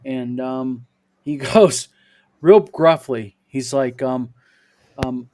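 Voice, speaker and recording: A man's voice: mid-range voice, slow, darkish tone. A man co-hosting a casual panel chat, reading viewer mail and telling stories in a rambling way with many fillers and chuckles.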